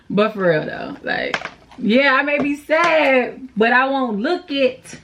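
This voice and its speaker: Her voice a little high, creaky, and fairly bright, this makeup vlogger speaks a little slowly and expressively. She chats casually through a tutorial, using slang and venting openly about her sadness between steps.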